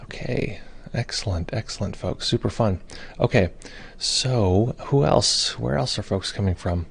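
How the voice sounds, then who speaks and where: A man's voice: lowish voice, a little slow, creaky, slightly rough. A man hosting a meditation live stream, chatting casually, greeting viewers and reading their comments aloud, with many fillers. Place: home or studio in Brooklyn.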